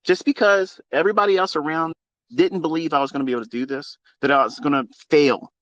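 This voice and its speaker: A man's voice: on the high side, fairly even intonation, fast talker, fairly bright tone, no room sound, dull audio. A middle-aged man speaking into a phone as a mentor, in a fervent, preachy monologue that mixes faith with casual swearing. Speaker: trading mentor. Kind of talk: impassioned spoken monologue.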